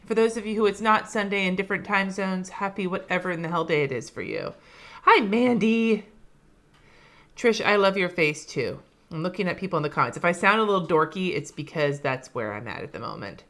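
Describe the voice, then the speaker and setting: A woman's voice: fairly low pitch, animated, fast, a bit bright. Chatty, swearing woman on a live stream. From California. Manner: chatty, swears casually, answers viewers by name. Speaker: planner vlogger reading live comments. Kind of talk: casual live-stream chat. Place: home, indoors.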